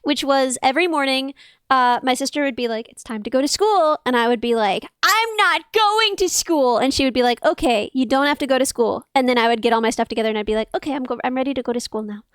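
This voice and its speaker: A woman hosts a stream and chats fast in a high, playful voice. She runs through stories at speed. The mic is close and dry. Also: clean tone, no echo. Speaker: streamer host. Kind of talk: casual chat.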